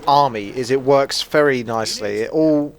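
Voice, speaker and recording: Brief: young adult male gamer, mixed British accent, casual and self-mocking, mid-pitched. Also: normal speed, creaky. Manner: playful, self-mocking, chatty. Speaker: gaming commentator. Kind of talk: casual gameplay commentary.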